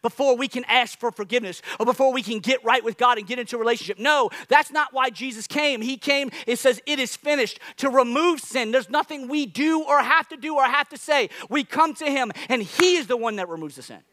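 A pastor delivers a sermon with a high, bright voice. He is animated and jokes with the congregation as he makes his points. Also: a little fast, few pauses. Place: church.

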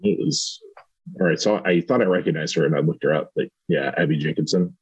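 A man's voice: very deep voice, animated, brisk, slightly rough, rough recording. A man from Southern Indiana co-hosting a podcast, reviewing a show in casual chat and hedging with many restarts. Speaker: podcast co-host.

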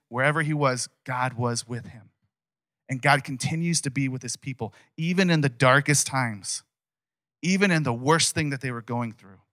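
A man's voice: mid-range voice, a bit bright, no room sound, studio quality. A man preaching a casual sermon as a pastor, retelling a Bible story in a conversational, emphatic way.

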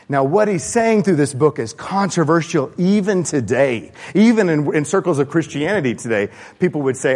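A man preaching a sermon in a church, animated and acting out the voices of the people he quotes. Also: on the high side, moderate pace, hardly any pauses. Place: church sanctuary. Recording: long church-hall reverb.

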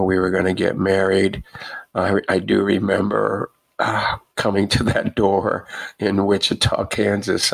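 A man's voice: on the low side, vocal fry. A man hosting a podcast with his wife, recalling a family memory in an earnest, easygoing way. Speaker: podcast host. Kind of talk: casual podcast conversation.

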